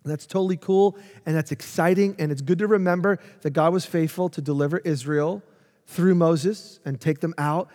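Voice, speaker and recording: A male pastor preaching a sermon, emphatic and swinging from loud to hushed. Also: on the high side, normal speed, in a large hall.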